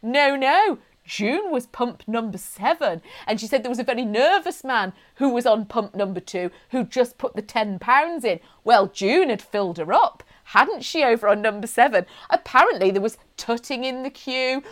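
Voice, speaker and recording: Woman co-host spinning a funny story, laughy, kinda high voice. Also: normal speed, few pauses. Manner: animated, laughing, dramatic asides. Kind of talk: casual storytelling chat.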